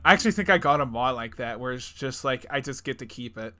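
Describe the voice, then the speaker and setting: A young man co-hosting a casual gaming podcast, rambling with lots of fillers, laughing often and acting out game characters in quick bursts. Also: medium pitch, animated, bright, forceful tone. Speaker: podcast co-host. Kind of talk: casual chat.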